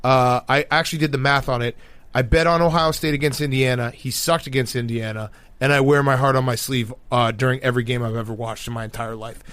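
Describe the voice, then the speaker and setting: A man co-hosting a sports podcast, rambling and excitable, with lots of fillers and restarts as he chats. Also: mid-range voice, fast, no room sound. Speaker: podcast co-host. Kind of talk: casual sports chat.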